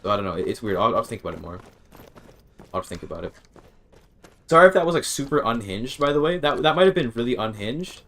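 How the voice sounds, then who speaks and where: A man's voice: medium pitch, sing-song, quick pace, long pauses, fairly bright tone. A man streaming a game, rambling and thinking aloud, often interrupting himself and swearing casually. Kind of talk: casual gaming stream chat.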